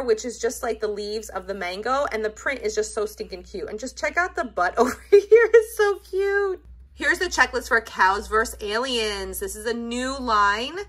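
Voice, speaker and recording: A woman's voice: on the high side, sharp tone, breathy edge. A woman in her thirties gushing over toys in a casual unboxing video. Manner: gushing, enthusiastic. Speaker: toy unboxing vlogger.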